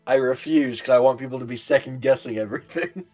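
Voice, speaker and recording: A man's voice: mid-range voice, quick pace, a little mellow, faint music behind. A man playing a tabletop game, teasing the others and laughing often. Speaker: player. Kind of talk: casual chat in a tabletop game.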